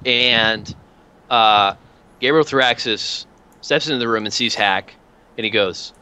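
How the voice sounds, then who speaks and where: A man's voice: medium pitch, a little slow, long pauses, pushed and bright, smooth, rough recording. A man running a tabletop game as game master, narrating casually with lots of hesitations. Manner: casual, hesitant with many fillers.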